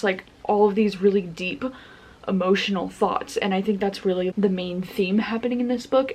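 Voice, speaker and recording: A young woman vlogging about books in a relaxed, chatty way, gushing about what she loves. Her voice is soft and breathy, her pitch sits in an ordinary middle range, and she keeps dropping "like" and "you know" between her thoughts. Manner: gushing, filler-heavy with lots of "like". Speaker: book vlogger. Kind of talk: casual vlog chat.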